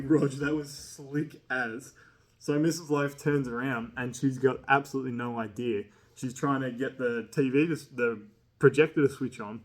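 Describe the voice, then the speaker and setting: A man's voice: medium pitch, a bit bright. A young man telling a casual school anecdote, rambling with slang and laughing mid-sentence. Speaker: storyteller.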